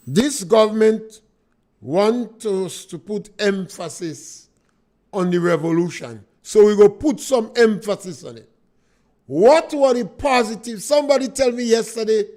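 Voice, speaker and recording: A man's voice: sits high, darkish tone. A man with a Grenadian accent hosting a call-in political talk radio show in a studio, speaking emphatically and asking rhetorical questions.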